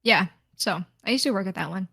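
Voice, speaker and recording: A woman's voice: mid-range voice, animated, a little fast, creaky, pushed and bright, husky, no room sound, studio quality. A woman co-hosting a podcast in casual chat, laughing often and swearing casually. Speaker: podcast co-host.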